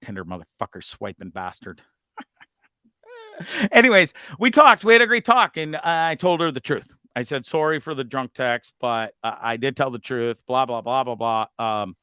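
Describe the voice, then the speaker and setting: A man's voice: mid-range voice, sing-song, clean tone, no echo. A man hosting a live talk show, telling a rambling, confessional story full of swearing, fidgety and nervous as he talks. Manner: rambling, confessional, swears a lot, quick swings between loud and muttered. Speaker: host. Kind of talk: casual live show monologue.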